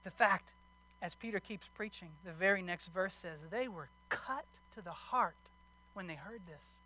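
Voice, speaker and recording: A male pastor preaching a sermon, earnestly pressing his listeners with pointed questions and reading scripture slowly. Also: high voice, sharp tone, low-quality recording.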